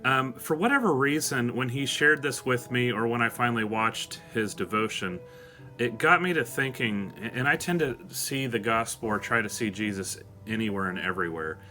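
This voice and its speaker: A man's voice: medium pitch, animated, normal speed, bright, forceful tone, soft background music. Earnest man giving a devotional talk. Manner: earnest, emotional, reads song lyrics aloud. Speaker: host of a devotional show.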